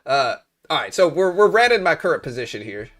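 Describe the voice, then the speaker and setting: Lively, bright-voiced male trading streamer. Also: fairly high pitch, brisk. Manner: joking, chatty, talks to chat. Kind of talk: live trading stream chat. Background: faint music.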